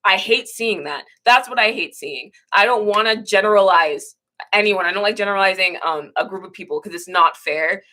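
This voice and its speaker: Bright-voiced young woman ranting candidly. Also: medium pitch, normal speed. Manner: candid, swearing, emotional rants; rambling with frequent restarts. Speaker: livestream host. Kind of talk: casual livestream chat.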